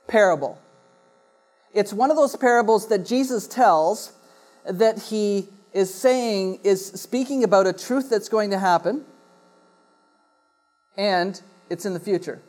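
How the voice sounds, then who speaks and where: A pastor in church reads a scripture passage aloud, then explains it to the congregation in a sermon, often pausing on uh and restarting phrases. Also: medium pitch, darkish tone.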